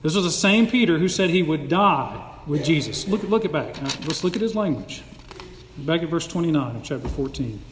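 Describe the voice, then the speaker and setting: Pastor guy preaching hard, fairly high voice, echoey church room. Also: normal speed, slight background noise. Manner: emphatic preaching, animated, dramatic quotes. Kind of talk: sermon. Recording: echoey hall with long reverb.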